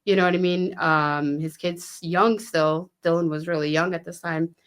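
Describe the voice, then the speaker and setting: Chatty New woman, low voice. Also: steady tone, normal speed, smooth. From Fall River, Massachusetts. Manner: chatty, swears freely, acts out quoted dialogue; frequent "um" and "you know what I mean". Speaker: podcast guest. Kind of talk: casual storytelling.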